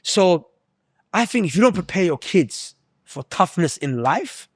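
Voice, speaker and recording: Animated storytelling man, lively pitch. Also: unhurried, no room sound, studio quality. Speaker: podcast co-host. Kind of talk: casual chat.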